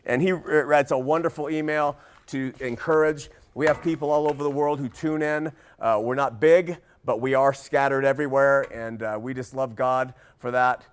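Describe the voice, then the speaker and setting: A man's voice: mid-range voice, fairly even intonation, moderate pace, few pauses, smooth. A man hosting a religious commentary podcast, talking in an earnest, preachy way with frequent fillers and restarts. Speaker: podcast host.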